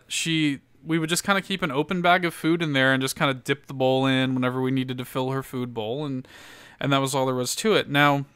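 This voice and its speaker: A man's voice: mid-range voice, pushed and bright, smooth, no room sound. A young man from Louisiana casually telling a long story on a podcast, with lots of fillers and cursing. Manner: rambling, profane, laid-back storyteller with many fillers. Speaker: podcast host.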